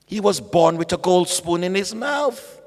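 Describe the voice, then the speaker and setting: A man preaching at a bible study, animated, calling out to the congregation and acting out voices. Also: high-pitched, measured pace. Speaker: pastor. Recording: echoey hall.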